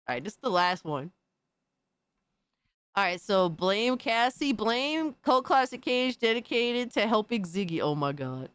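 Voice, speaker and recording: A woman's voice: mid-range voice, very animated, unhurried, a bit bright, smooth, no echo. A woman hosting a casual live stream, reacting to viewer videos with mock outrage, frequent swearing and slangy asides. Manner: mock outrage, swears, calls everyone bro. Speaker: streamer host.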